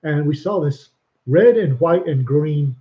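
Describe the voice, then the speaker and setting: A man's voice: fairly high pitch, expressive, unhurried. An older man co-hosting a casual chat show, telling stories and putting on voices for the people he quotes. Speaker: podcast co-host. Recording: muffled lo-fi sound.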